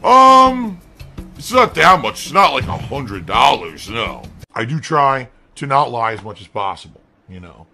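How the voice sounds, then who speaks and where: Sarcastic man streamer, bright voice. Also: medium pitch, very animated, moderate pace, vocal fry, hardly any pauses. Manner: defensive, sarcastic. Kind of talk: live stream chat, reading donations. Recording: stream clip with faint music.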